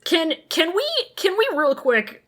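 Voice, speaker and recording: A woman's voice: extremely high pitch, big pitch swings, a little slow, fairly bright tone. A woman co-hosting a podcast, chatting casually and animatedly, swearing and laughing often. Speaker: podcast co-host. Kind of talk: casual chat.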